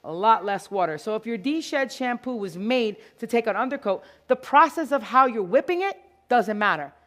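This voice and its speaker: A woman giving an animated, playful live product demonstration to an audience at a store grand opening event. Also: a little high, normal speed. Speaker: product educator.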